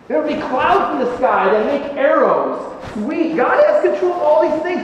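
A man's voice: very high-pitched, moderate pace, hardly any pauses, slight background noise. Preaching man in a roomy, echoing hall. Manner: animated, sarcastic, with sudden loud and quiet swings. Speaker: pastor. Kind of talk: sermon. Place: church sanctuary. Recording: echoey hall recording from far off, dull sound.

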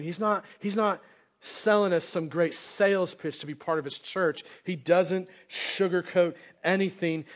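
Male pastor with a high-pitched voice, relaxed conversational sermon delivery to a live church. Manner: casual conversational preaching, acts out quotes. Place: church sanctuary, live congregation.

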